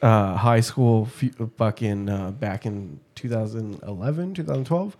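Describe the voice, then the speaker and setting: A man's voice: on the low side, measured pace. A young man telling stories in casual chat, swearing a lot and switching into Spanish now and then. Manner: profane, animated storyteller who slips into Spanish.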